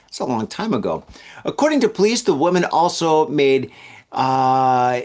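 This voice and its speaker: A man's voice: medium pitch, moderate pace. A man hosting a comedy news podcast, reading odd stories and riffing on them with jokes and acted-out asides. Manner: animated, joking asides, acts out drunk voices. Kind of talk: casual comedic news commentary.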